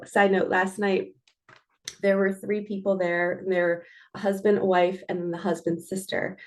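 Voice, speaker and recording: Lowish and a little mellow, this middle-aged spiritual coach's voice stays chatty and sincere as she reads oracle cards. She laughs frequently and talks to herself in little asides.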